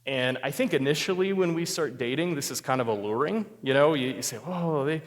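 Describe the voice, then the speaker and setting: A man from Sioux Falls giving a marriage talk to a group, telling a self-mocking story with lively humor before turning to advice. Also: brisk, in a large hall. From Sioux Falls, South Dakota. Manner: animated storyteller, self-mocking humor, gets louder and higher at climaxes. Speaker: marriage therapist speaking at a church group.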